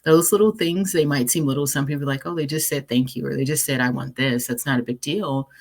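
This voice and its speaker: A woman's voice: a bass voice, fairly even intonation, quick pace, a little mellow. A woman life coach giving a recorded encouraging presentation, earnest and conversational, reading affirmations aloud with the odd repeat and filler.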